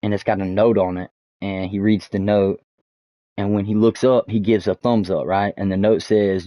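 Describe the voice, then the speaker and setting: Deep-voiced man rambling a story. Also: steady tone, moderate pace, dry recording. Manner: rambling, many fillers and restarts, swears often. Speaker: streamer. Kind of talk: casual storytelling while gaming. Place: home streaming setup. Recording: dull dry lo-fi mic.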